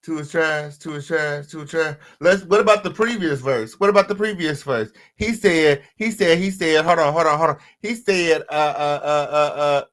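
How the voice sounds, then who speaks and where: A man hosting a reaction commentary, sassy and animated, loud one moment and muttering the next, asking viewers to vote in the chat. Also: normal speed, few pauses. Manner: animated, sassy, swings between loud outbursts and low mutters. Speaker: commentary host. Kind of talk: reaction commentary on a diss track.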